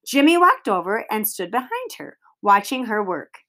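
A woman reading a children's novel aloud in an expressive storytelling way. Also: medium pitch, moderate pace. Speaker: reader.

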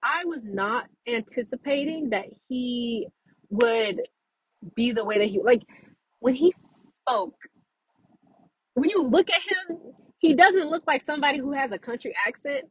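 A woman's voice: high voice, lively intonation, unhurried, long pauses, a bit bright, husky, muffled recording. A young woman, chatting animatedly to camera, full of fillers and laughs. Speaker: vlogger. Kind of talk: casual chat to camera.

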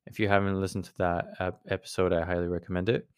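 An American podcast host rambles through a personal story in a casual monologue, searching for words and restarting often. His voice is low, smooth and level, at a quick pace. The recording is dry and studio quality.

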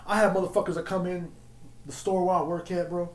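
A man hosting his own podcast, ranting in a profane, slangy, animated way. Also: high-pitched, fairly quick. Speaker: podcast host. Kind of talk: profane solo podcast rant. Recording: roomy echo.

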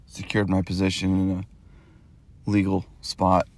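A podcast host from the United States talks slowly in a low, monotone, somewhat mellow voice. His monologue is loose and rambling, with frequent repetition and swearing once he's worked up.

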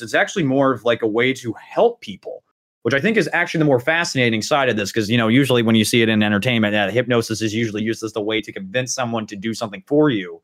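A man's voice: medium pitch, brisk. A man hosting an interview, asking rambling casual questions full of fillers. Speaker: interviewer host.

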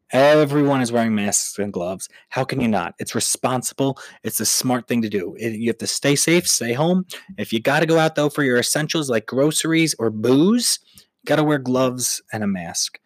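A man's voice: medium pitch, no echo. A man from Long Island hosting a podcast and riffing through a profane, sarcastic comedic rant. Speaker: podcast host.

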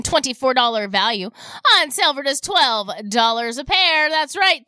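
Bright, upbeat woman radio shopping host. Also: a little high, dry recording. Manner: upbeat, repetitive sales patter. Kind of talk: radio sales pitch and call-in chat.

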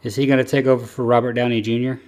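A man's voice: medium pitch, level tone, very fast, a little mellow. A man hosting a casual podcast chat, rambling and easygoing with lots of fillers. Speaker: podcast host.

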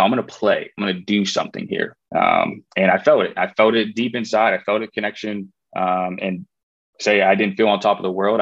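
A man's voice: low-pitched, dry recording, highs cut off. A man in his twenties, a former college football player, telling his story in a casual interview, rambling with fillers and restarts.

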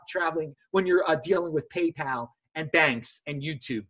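A man hosting a casual chat, talking in an animated way and mocking others in a high voice. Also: normal speed, few pauses. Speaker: host.

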